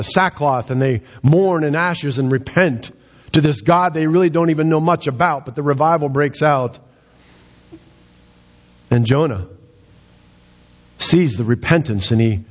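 A man preaching a sermon as pastor, rising in pitch to act out quoted lines with dramatic emphasis. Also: slightly rough. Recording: dull, muffled sound.

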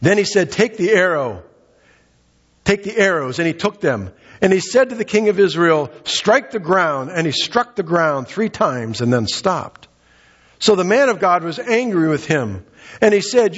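Guy preaching, high lively voice, kinda husky, long echo in the hall. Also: normal speed. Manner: earnest preaching, reads scripture aloud and explains. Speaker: pastor. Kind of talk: sermon. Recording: dull lo-fi sound with long hall reverb.

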